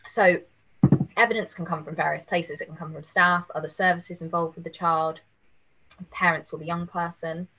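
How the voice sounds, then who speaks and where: A woman, hoarse after a cold, giving a careful webinar presentation with many fillers. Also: fairly low pitch, steady tone, normal speed, sharp tone, dull audio. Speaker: legal presenter.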